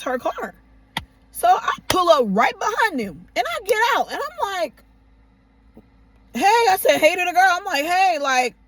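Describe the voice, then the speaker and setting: A young woman tells a storytime tale in a bright, fairly high voice that swings widely in pitch as she reenacts her own outbursts. Her delivery is casual and profane, and the sound is close and dry. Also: no echo.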